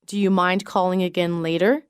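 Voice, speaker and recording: A woman reading isolated English practice sentences for a lesson, in a measured, even way. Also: on the low side, clean tone, no room sound, studio quality.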